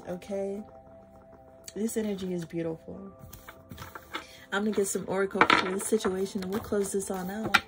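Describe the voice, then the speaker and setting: An excitable woman reads tarot cards for her followers in an easy, chatty flow, often swearing and saying y'all. She sits at a middle pitch, and clear music plays under her voice throughout. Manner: effusive, swears freely, addresses viewers as y'all. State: flustered and emotional. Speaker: tarot reader. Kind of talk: casual tarot reading vlog.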